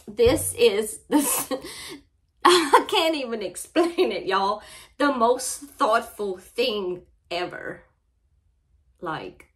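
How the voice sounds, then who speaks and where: A middle-aged woman with a Cajun Louisiana accent, chatting casually in an unboxing vlog, tearful and heartfelt, often apologizing. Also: medium pitch. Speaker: crafting channel vlogger.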